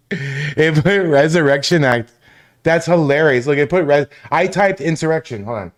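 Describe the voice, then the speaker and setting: A man's voice: fairly high pitch, normal speed. A man hosting a casual livestream, swearing and laughing often while reacting to chat. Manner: profane, laughing, rambling. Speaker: livestream host.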